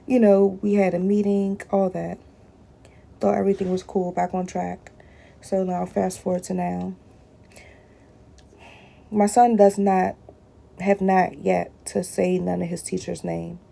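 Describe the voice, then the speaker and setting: A woman's voice: on the low side, flat delivery, measured pace, vocal fry, pauses often, dark tone. A woman speaking straight to her viewers in a personal video blog, often addressing them directly and repeating short phrases.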